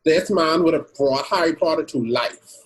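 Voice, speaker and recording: A man's voice: fairly high pitch, moderate pace, crowd noise, poor audio. A man hosting a casual podcast discussion, arguing his point and steering the conversation. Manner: argumentative, steering the debate. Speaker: podcast host.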